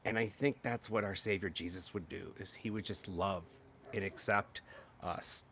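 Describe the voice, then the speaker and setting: A man hosting a live-stream political commentary, talking in an animated, exclaiming way and mocking others with high-pitched impressions. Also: moderate pace, a little hiss or hum. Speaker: political commentary channel host.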